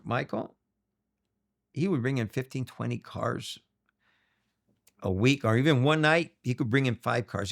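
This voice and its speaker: His voice is mid-range and creaky: a middle-aged Los Angeles man who, as an interview guest, spins lively stories and performs the voices of those he quotes.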